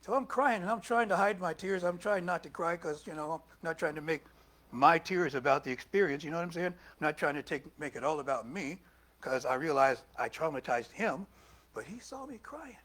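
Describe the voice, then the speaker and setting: With a fairly high, lively voice and a brisk pace, an older man delivers a sermon in a conversational style. He poses questions to the congregation and swings between loud and quiet moments.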